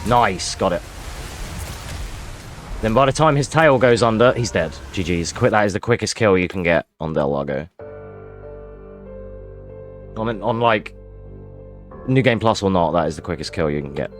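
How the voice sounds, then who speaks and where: A man with a low voice talks through his live game run, mixing tips with banter and laughs for his chat. Quiet music plays under him. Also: animated, normal speed, long pauses. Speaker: streamer. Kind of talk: live gameplay commentary.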